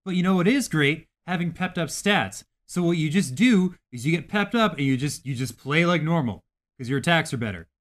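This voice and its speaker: A man's voice: fairly high pitch, expressive, brisk. A man co-hosting a gaming podcast, talking casually and animatedly, swearing freely as he rants about games. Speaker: podcast co-host.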